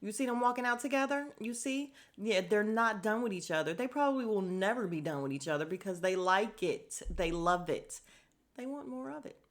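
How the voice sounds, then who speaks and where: A woman's voice: mid-range voice, animated, moderate pace. A woman hosting a casual podcast, recapping a reality show bluntly and swearing freely. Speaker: podcast host.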